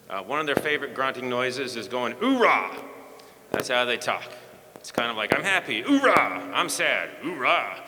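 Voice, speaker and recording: A man's voice: mid-range voice, bright, forceful tone. Joking man in his forties, echoing hall. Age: 40s. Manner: jokey, self-deprecating. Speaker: keynote speaker. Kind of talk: ceremony speech. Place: school hall or stage, filmed. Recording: long hall reverb.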